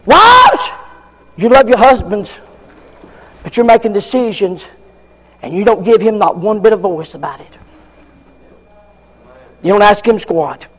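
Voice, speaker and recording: Brief: older male preacher, fiery, high voice, slow and swooping. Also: very animated. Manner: fiery, shouting, acts out congregants. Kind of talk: sermon.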